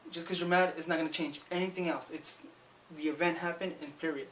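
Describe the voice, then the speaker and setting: A man delivering a motivational talk in an earnest, emphatic way, with a voice pitched a little high. He often restarts his sentences with repeated words. He sounds a little distant from the mic, with faint hiss underneath. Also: steady tone, quick pace, a bit bright. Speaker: motivational speaker.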